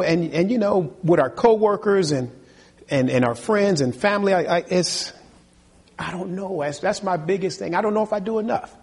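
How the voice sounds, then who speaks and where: A man's voice: high-pitched, slightly rough, big-room sound. A male pastor delivering an earnest sermon full of repeated rhetorical questions, in a church.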